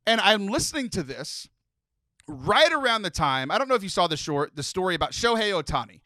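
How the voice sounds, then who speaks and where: Bright, high-voiced chatty male podcast host. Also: brisk, no room sound. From Texas. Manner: animated, rambling storyteller. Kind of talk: casual podcast chat.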